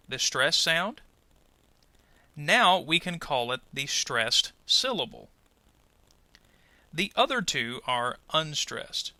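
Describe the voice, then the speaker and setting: Lively, bright-voiced male pronunciation teacher. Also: on the high side, no echo. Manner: clear, deliberate, over-articulates example words. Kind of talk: scripted lesson voice-over.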